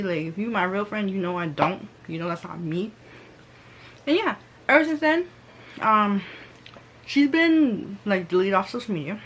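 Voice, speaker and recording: A woman's voice: medium pitch, a little hiss or hum. A young woman telling a storytime vlog in casual, slangy talk, acting out what others said. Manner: animated, slangy, reenacts quotes. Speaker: vlogger.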